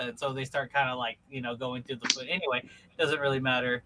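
A young man in casual podcast chat, telling stories with animated energy. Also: medium pitch, quick pace, heavy background noise. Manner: animated storytelling, loud put-on voices.

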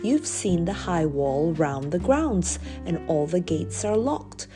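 A woman's voice: fairly low pitch, very animated, takes it slowly, music in the background. A woman reading an eager young brownie boy. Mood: earnest. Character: friendly schoolboy brownie, eager plotter.

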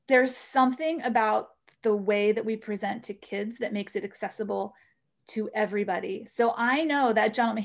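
Lively storytelling woman with gravelly edge. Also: fairly high pitch. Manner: animated storyteller, acts out voices in quotes. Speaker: yoga teacher guest. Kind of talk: storytelling in an interview.

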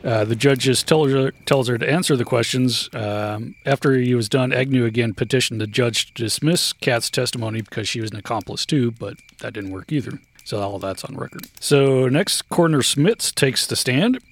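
A man co-hosting a podcast, retelling a history in a halting way with many fillers and quick yeps. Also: medium pitch, gravelly. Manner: halting, full of uh and yep. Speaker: podcast co-host. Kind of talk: casual chat, retelling a history.

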